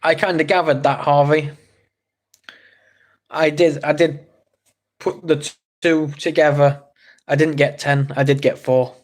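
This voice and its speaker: Speaking a little slowly and pausing often, this English livestream host has a fairly high, steady voice. He reads comments from chat, reacts to them, and jokes around with his viewers in a chatty way.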